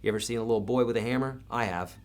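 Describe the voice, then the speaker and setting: A man's voice: mid-range voice, racing. A man teaching guitar in a live online lesson, talking casually and encouragingly with everyday comparisons.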